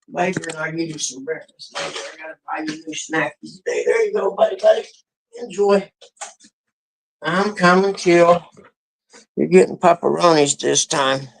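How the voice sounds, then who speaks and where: A man's voice: a little high, creaky, a little hiss or hum. A man talking casually to his dogs in a rambling, folksy way during a live stream, in his backyard and doorway at sunrise. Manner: folksy with country grammar. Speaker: vlogger.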